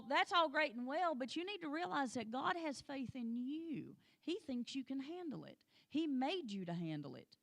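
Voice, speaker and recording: A woman's voice: sits high, a bit bright. A woman teaching a Sunday school lesson, plain-spoken and folksy, with joking asides, and urging the class on directly.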